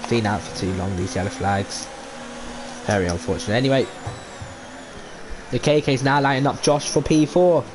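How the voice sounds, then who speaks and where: A man commentating a live esports race with a cold and a blocked nose, getting excitable in close battles and turning to dry sarcasm. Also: medium pitch, moderate pace, pauses often. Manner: excitable, rising sharply in tense moments, dry sarcasm. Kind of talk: live sim racing commentary. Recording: home setup with clear background noise.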